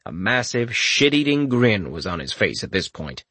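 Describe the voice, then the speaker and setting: Expressive male audiobook narrator. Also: on the low side, normal speed, breathy edge, dry recording. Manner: expressive, storytelling.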